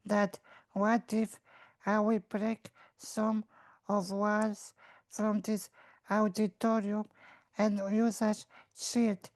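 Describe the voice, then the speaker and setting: A young adult woman playing a tabletop game, speaking haltingly and searching for English words. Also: mid-range voice, darkish tone, dry recording. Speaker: player. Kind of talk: casual game chat.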